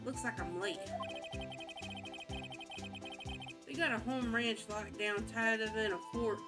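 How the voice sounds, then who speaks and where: Lady putting on a folksy cowboy cop voice for a game, slow drawl, kinda high, music going behind. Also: lightly acted. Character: drawling male cowboy police officer, folksy. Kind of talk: reading game dialogue aloud on stream.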